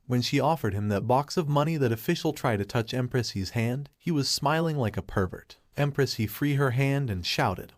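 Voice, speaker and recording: A man narrating a comic-book story recap in a plain reading voice, with halting grammar. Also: medium pitch, lively intonation, no room sound, studio quality.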